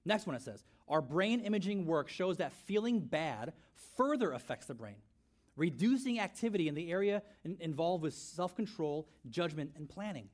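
Male pastor, energetic sermon delivery, slightly high voice, repeats key lines. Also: normal speed. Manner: animated, rhetorical questions, repeats phrases.

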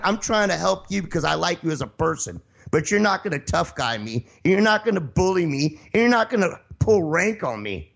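Heated and profane, a male show host argues with a caller, interrupting and defensively insisting he finish his point. His voice sits high, with a creaky, slightly bright quality.

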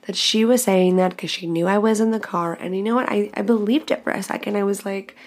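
A woman's voice: mid-range voice, fairly quick. Candid young woman telling a story. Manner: candid, expressive, swears freely. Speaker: podcast host. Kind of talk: casual storytelling monologue.

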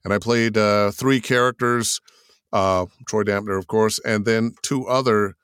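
An older man talks about his career as a voice actor with a smooth, resonant voice. He tells it like a storyteller, slipping into quoted voices. The sound is close and dry. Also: on the low side, a little slow, no echo. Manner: animated storyteller, acts out quotes in put-on voices. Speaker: voice actor guest. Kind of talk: interview answers.

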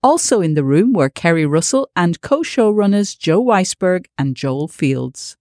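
A woman hosting a podcast, asking questions in a lively way and laughing easily. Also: on the low side, unhurried. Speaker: podcast host and interviewer. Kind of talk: interview.

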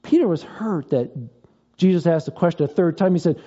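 A male pastor delivers a conversational sermon in a fairly high yet mellow voice. He mixes scripture with everyday stories from home. The sound is a little dull. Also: lively intonation, brisk. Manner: conversational preaching with personal stories.

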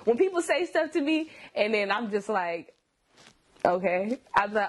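A woman's voice: medium pitch, big pitch swings, measured pace. A young adult woman, a singer, talking as an interview guest in a casual, self-assured way, often laughing and slipping into sarcastic asides.

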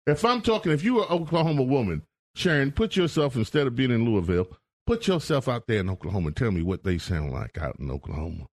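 A man's voice: mid-range voice, big pitch swings, fast talker, hardly any pauses, no echo. A man hosting a call-in radio talk show, with playful, upbeat announcer patter, on a studio microphone.

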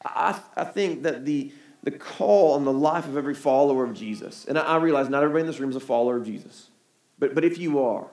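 A man's voice: medium pitch, fast talker, darkish tone, reverberant. A man preaching a sermon in a conversational way, asking the crowd rhetorical questions. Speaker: pastor. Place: church hall.

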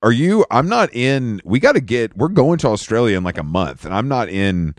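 A man's voice: mid-range voice, very animated, moderate pace, no echo, clean studio sound. A man co-hosting a podcast in casual chat, laid-back, laughing often and restarting his sentences. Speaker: podcast co-host.

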